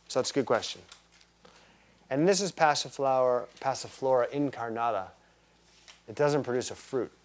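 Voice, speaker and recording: Casual enthusiastic male herbalism teacher. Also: mid-range voice. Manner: casual, enthusiastic, quizzes students. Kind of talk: live class lecture. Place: classroom with students.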